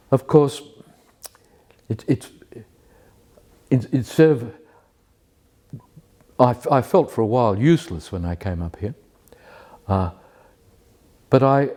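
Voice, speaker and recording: A man telling a personal story with many pauses and restarts, then reading poetry slowly and carefully. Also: on the low side, warm tone. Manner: hesitant, many restarts and fillers, self-deprecating; slow, measured recitation of verse. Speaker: community member sharing a personal story.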